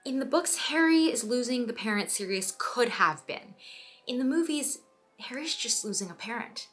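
A young woman hosting a scripted video essay, animated and playful, with quick asides to the viewer. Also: fairly high pitch, soft background music.

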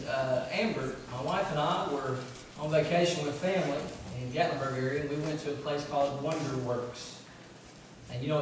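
A man's voice: on the high side, background noise. A man, preaching a conversational sermon full of fillers and personal stories. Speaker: pastor. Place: church sanctuary. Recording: very echoey church from far off.

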